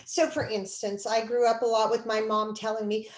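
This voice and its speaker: A woman instructor giving a recorded video lecture, lively and expressive, acting out quoted speech as she explains. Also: fairly high pitch, moderate pace, few pauses, reverberant, rough recording.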